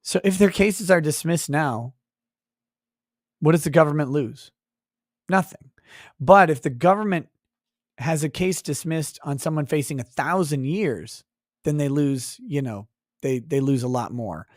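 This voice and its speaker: Man, livestream host, fairly high voice, dry close sound, profane, reads chat, mock rants. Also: measured pace, long pauses, no room sound. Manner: profane, mock-ranting at chatters. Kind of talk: casual live-stream commentary reading chat.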